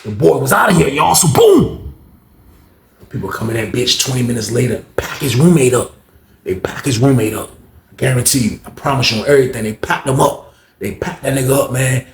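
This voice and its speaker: A man telling a story in casual slang, animated and acting out other people's voices. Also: mid-range voice, fast, creaky, reverberant, background noise.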